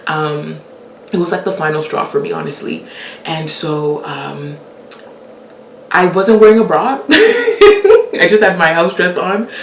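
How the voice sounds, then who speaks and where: Animated young woman telling a story, laughing. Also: lowish voice, a little slow, pauses often, echoey room, distant mic, slight background noise. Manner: animated, laughs often, acts out quoted lines. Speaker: storyteller host. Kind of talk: casual personal storytelling.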